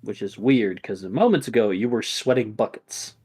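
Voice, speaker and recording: A man's voice: lowish voice, a little mellow, breathy edge. Casual male game master. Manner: casual, halting, with fillers and restarts. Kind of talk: narrating a tabletop game.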